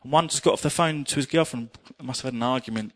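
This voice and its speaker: A middle-aged man preaching a sermon, telling personal stories in an earnest, animated way. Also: medium pitch, fast talker.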